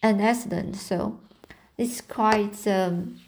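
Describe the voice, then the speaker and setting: Slow hesitant woman reading aloud. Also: mid-range voice, darkish tone, a little hiss or hum. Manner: hesitant, with restarts and fillers. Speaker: reader.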